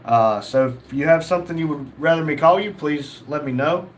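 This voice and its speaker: Young male streamer, higher pitch, reads chat casually, faint room noise. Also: moderate pace. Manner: reads chat messages aloud, jokey. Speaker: livestream host reading chat.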